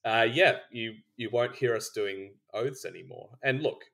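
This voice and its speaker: A man's voice: mid-range voice, lively intonation, moderate pace, gravelly, fairly bright tone. A man co-hosting a board game podcast, talking casually, rambling with restarts and laughing between points. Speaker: podcast co-host. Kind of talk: casual chat.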